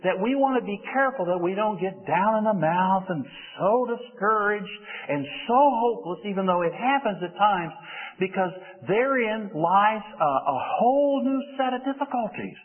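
A man's voice: animated, normal speed. A man preaching a sermon in an earnest way, lifting his voice for emphasis. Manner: earnest, rises in pitch for emphasis. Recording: phone-like sound with long hall reverb.

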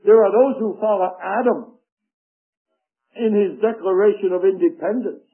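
A man preaching a sermon, slow and emphatic, reading scripture aloud. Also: high voice. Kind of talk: radio sermon. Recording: tinny phone-like radio broadcast.

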